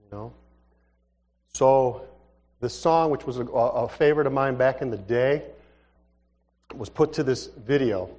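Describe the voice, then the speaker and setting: A man's voice: medium pitch, measured pace, long pauses. A male pastor telling stories in a conversational sermon, acting out the dialogue as he goes. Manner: animated, conversational, acts out dialogue. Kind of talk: sermon storytelling. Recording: reverberant hall.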